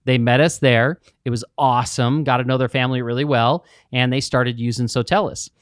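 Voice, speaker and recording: Brief: male podcast co-host, mid pitch, storytelling manner, dry close mic. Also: brisk, dry recording. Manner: storytelling, animated retelling of quotes. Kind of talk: casual business podcast chat.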